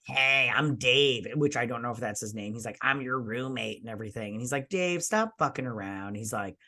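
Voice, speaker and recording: A young man rambles through a long anecdote on a casual review podcast, swearing freely and slipping into quick impressions of the people in it. His voice sits in an ordinary middle range. He spins his tale with loose, chatty energy. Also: medium pitch, sharp tone. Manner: rambling storyteller, swears a lot, mimics voices. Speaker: podcast co-host. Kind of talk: casual drunk movie-review chat.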